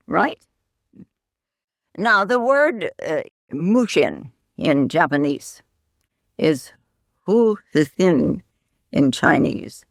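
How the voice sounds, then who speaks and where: A woman's voice: fairly low pitch, no echo, clean studio sound. A woman Zen teacher giving a dharma talk in a reflective manner, with questioning asides.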